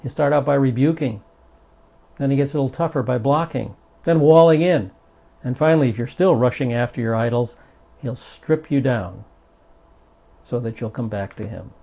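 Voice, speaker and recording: A gravelly-voiced man teaches a Bible study in an earnest, emphatic way and stresses the passages he reads. His voice is dark and mellow. The recording is dull and lo-fi. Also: mid-range voice, moderate pace, long pauses.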